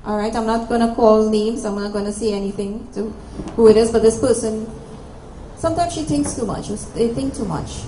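A woman's voice: a little high, brisk, warm tone. A woman from Trinidad and Tobago with a Trinidadian accent, giving a public talk and spirit readings in a direct, coaxing, repetitive way. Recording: echoey hall, faint noise.

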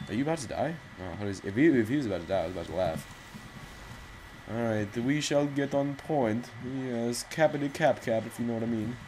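A man's voice: fairly low pitch, big pitch swings, racing, few pauses, a little mellow, slight background noise, poor audio. A man hosting live gameplay commentary with rambling, jokey, self-mocking asides. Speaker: gaming channel host.

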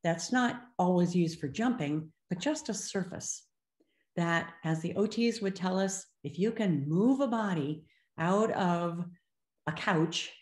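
This is a lowish, slightly mellow female voice: an older speech-language clinician giving a webinar talk. She's expressive and shifts into character voices to quote children and their parents, and the room echoes noticeably.

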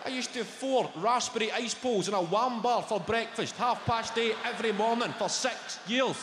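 Sweary Scottish comedian in a big echoey hall. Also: male voice, sits high, very noisy. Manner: brash, sweary storytelling with rapid food lists. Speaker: stand-up comedian. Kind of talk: stand-up routine. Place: large theatre stage. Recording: echoey live hall with loud room ambience.

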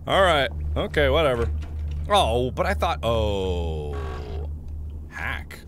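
Jokey man doing gameplay commentary, lively swings in pitch. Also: takes it slowly, noisy background. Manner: animated, jokey, laughs often. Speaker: let's-play host.

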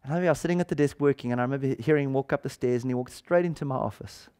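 Man preaching, storytelling sermon, acts out quoted lines, mid-pitched voice. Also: rapid-fire, smooth. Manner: animated storytelling, acting out quoted dialogue. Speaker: pastor.

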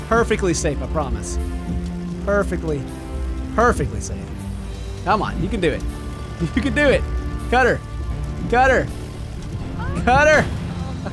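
A man giving jokey, excitable let's play commentary as a gaming YouTuber, with sudden loud outbursts. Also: sits high.

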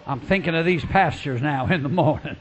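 A man preaching a revival sermon, fervent and storytelling, swinging from quiet asides to shouting and acting out the people in his stories. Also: a little high, fairly quick, a little hiss or hum.

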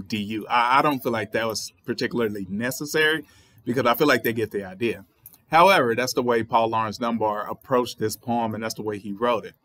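A man with a Southern US accent talks through a poem he has just read, in a thoughtful, explanatory way. His voice sits in a middle pitch and sounds close and dry, with no room around it. He sometimes spells words out letter by letter. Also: fairly bright tone, dry recording. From Southern United States. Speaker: writer and channel host. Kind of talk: poetry reading with commentary.

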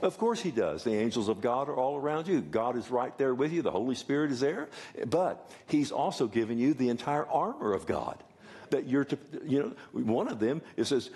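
A man's voice: medium pitch, sing-song, moderate pace, darkish tone. An older man preaching a sermon, folksy, with joking asides and many rhetorical questions. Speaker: pastor.

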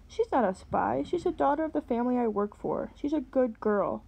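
A woman reading aloud, voicing a calm, kind woman who speaks firmly and reassuringly. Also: a little high, moderate pace, gravelly, husky, pitched above the performer's own voice, full character voice.

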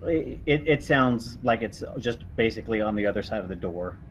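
A man narrating as game master in a tabletop horror game, describing events in a relaxed, halting way. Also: fairly low pitch, slight background noise. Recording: slightly dull lo-fi recording.

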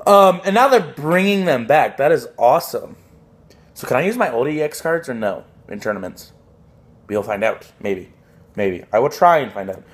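A young man talking casually as he unboxes trading cards on a phone recording, excitable, swearing often and tossing out jokey asides. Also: medium pitch, moderate pace. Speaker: card unboxing vlogger.

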